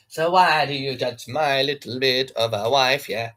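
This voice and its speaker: A man's voice: mid-range voice, unhurried, few pauses, sharp tone. A man hosting a livestream, chatting casually and talking straight to his viewers. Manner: chatty, addresses viewers directly. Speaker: livestream host.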